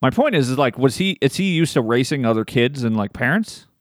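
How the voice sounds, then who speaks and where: A man co-hosting a podcast in casual chat, animated, swearing freely and laughing often. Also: mid-range voice, brisk, no room sound, studio quality. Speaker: podcast co-host.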